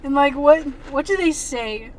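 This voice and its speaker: A woman co-hosting a casual movie review podcast, talking in a chatty, animated way full of "like". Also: sits high, unhurried, a little hiss or hum. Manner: chatty, animated, lots of "like" fillers. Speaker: podcast co-host.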